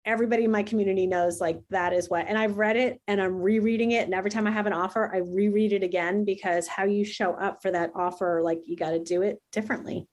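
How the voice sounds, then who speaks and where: A woman from New Jersey, a video coach, chatting as a guest on a remotely recorded interview in an animated, enthusiastic way. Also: mid-range voice. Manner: animated, enthusiastic, speeds up and slows down. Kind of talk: casual interview chat.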